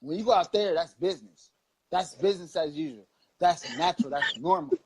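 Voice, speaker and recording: With a slightly high, slightly rough voice, a man in his thirties from Long Beach, California speaks expressively and briskly. As co-host of a casual political chat show, he preaches in an impassioned, profane, rambling style.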